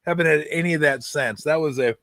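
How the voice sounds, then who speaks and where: Casting: middle-aged male sports host, slightly high voice, dry close mic, loose storyteller. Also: quick pace, no echo. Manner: storytelling, jokey, animated retellings. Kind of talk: casual chat. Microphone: streaming call mic.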